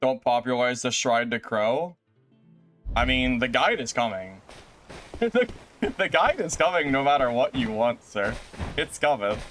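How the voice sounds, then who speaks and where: A man streaming a game live, chatting with viewers in an animated, exasperated way with sudden exclamations. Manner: animated and exasperated, quick exclamations with big pitch jumps. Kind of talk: live gameplay stream chat.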